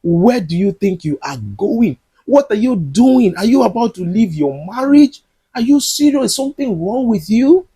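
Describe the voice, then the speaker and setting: A man puts on an alarmed mother who fires off scolding questions at her grown daughter. The pitch is pushed well above his usual voice and swings widely, with a touch of huskiness. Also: expressive, moderate pace, dark tone, slightly rough, full character voice.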